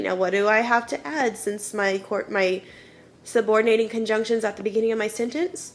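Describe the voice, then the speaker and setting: A woman's voice: mid-range voice, fairly even intonation, a little fast. A woman teaching a children's grammar lesson, patiently explaining step by step and often checking in with "okay?". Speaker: elementary school teacher.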